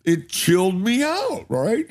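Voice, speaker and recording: A man's voice: high voice, big pitch swings, takes it slowly, darkish tone. An older man, a guest in a casual chat, telling stories animatedly and laughing often. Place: cannabis company campus studio.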